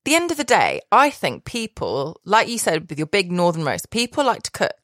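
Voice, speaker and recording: A woman's voice: medium pitch, huge pitch swings, moderate pace, a bit bright, dry recording, studio quality. A woman guest telling a long rambling story in casual chat, laughing often and correcting herself. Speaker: podcast guest, private chef.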